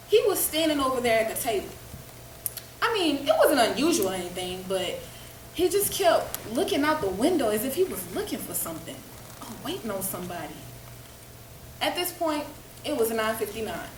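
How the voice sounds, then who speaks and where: High, lively woman telling a story. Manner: vivid, acts out dialogue. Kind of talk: dramatic first-person storytelling. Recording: echoey room, distant mic, faint noise.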